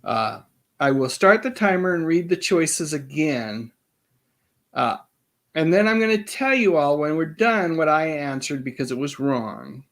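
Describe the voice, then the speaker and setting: A man's voice: fairly high pitch, animated, fairly bright tone. Chatty man hosting a live trivia quiz. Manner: chatty, reads quiz choices slowly. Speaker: host.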